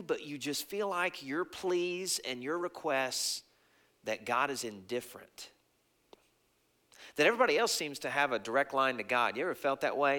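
Bright-voiced pastor preaching. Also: male voice, medium pitch. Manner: earnest, conversational preaching, drops to a hush for tender lines. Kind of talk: sermon.

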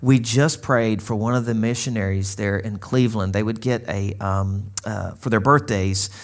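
A man's voice: on the low side, fairly even intonation, normal speed. A man from Arkansas in his thirties, preaching a sermon in a conversational, storytelling way and acting out quoted dialogue. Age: 30s. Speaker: pastor.

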